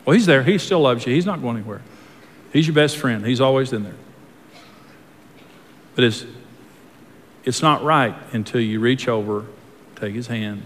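Man preaching, earnest and folksy, mid-pitched voice, long hall reverb. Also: normal speed, long pauses, a little hiss or hum. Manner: earnest, folksy, with repeated words and restarts. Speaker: pastor. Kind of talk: sermon.

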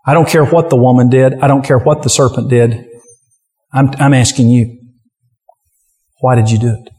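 A preacher voicing God, holding a man responsible with low, accusing questions. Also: fairly even intonation, moderate pace, mellow, in a large hall, natural voice. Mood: stern. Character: stern God calling a man to account.

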